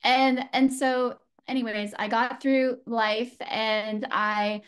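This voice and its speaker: A woman's voice: fairly high pitch, steady tone, takes it slowly, clean tone. A woman from San Francisco, a guest sharing a personal story in an earnest, reflective way, with frequent fillers and restarts. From San Francisco, USA. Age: adult.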